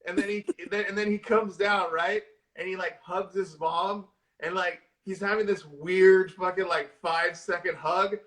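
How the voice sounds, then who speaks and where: A man co-hosting a casual horror movie chat, retelling scenes excitedly and swearing constantly. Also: sits high, moderate pace, few pauses. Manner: excitable, profane, storytelling with lots of swearing. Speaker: horror movie discussion co-host. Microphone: live social video stream.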